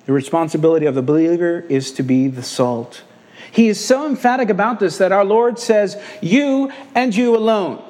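Male preacher with a high voice, emphatic sermon delivery, repeats lines for stress. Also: a little fast, a little mellow. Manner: emphatic, repeating key phrases. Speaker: pastor.

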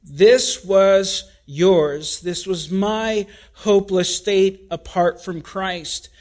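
Slow, high-voiced male preacher. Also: steady tone, a little mellow. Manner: deliberate, emphatic preaching with repetition. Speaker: pastor. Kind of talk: sermon.

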